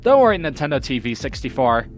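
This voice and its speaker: A man's voice: medium pitch, sing-song, fast talker, music in the background. A young man giving a reaction commentary, arguing back with exasperated rebuttals. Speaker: commentary host.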